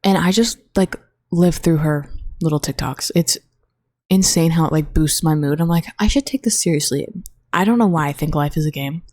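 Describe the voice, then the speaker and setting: A young college woman rambles through a solo podcast, full of fillers and the odd swear. Her voice sits low, with a mellow, warm tone, and sounds close and dry on her own mic in a dorm room. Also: normal speed, no echo. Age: young adult. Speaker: podcast host. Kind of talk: casual solo chat.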